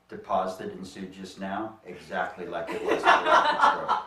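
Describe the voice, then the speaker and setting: A man hosting a comedy show, telling a stand-up story in an animated way and laughing often. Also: sits low, normal speed, hardly any pauses. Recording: echoey room, distant mic, faint noise.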